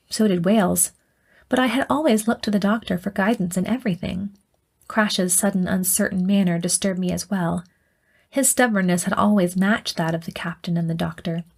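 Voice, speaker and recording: Woman reading an audiobook in first person, even and measured. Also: lowish voice, vocal fry. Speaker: audiobook narrator.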